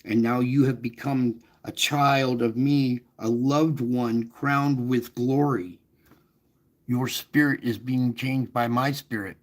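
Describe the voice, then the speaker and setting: A man's voice: medium pitch, fairly even intonation, takes it slowly. A man hosting an online faith show, talking earnestly and chattily, with emphatic rises and frequent restarts. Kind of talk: casual spiritual encouragement.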